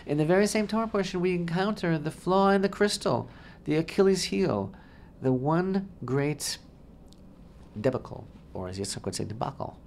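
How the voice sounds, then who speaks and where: Gravelly, emphatic rabbi on talk radio. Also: male voice, sits high, lively intonation, moderate pace, few pauses, darkish tone, slight background noise. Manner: expansive, wordy, emphatic, repeats phrases. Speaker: rabbi co-host. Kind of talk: Torah discussion on talk radio.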